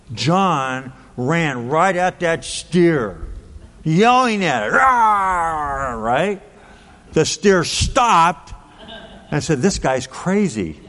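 A man in his sixties preaching a sermon, telling stories in a folksy way with frequent "right?" and "okay?" asides. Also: medium pitch. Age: 60s. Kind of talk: sermon storytelling. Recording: long reverb of a large hall.

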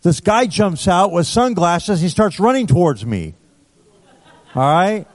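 A man preaching, telling a story in a conversational, animated way with asides to the audience. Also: sits high, a little slow. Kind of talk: sermon storytelling. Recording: reverberant hall.

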